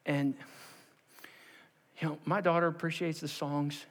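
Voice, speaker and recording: In a church sanctuary with long hall reverb, a pastor preaches a sermon, fairly quick and medium-pitched, with long pauses. He animatedly tells a personal story, acting out the voices of the people in it and repeatedly checking in with "okay?"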